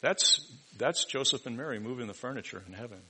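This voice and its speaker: A man preaching a sermon in a bright, forceful voice. He drops to near-whispers in reflective moments, then rises to loud, emphatic declarations. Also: medium pitch, animated, brisk, low-quality recording. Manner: dynamic preaching, swings from hushed to loud emphatic. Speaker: pastor.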